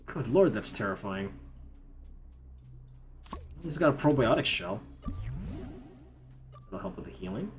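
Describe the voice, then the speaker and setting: Casting: a chatty Canadian streamer, a man with an animated, bouncy delivery, game music faint underneath. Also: fairly low pitch, unhurried, pauses often. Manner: chatty, self-mocking, lots of fillers. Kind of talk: casual gameplay commentary.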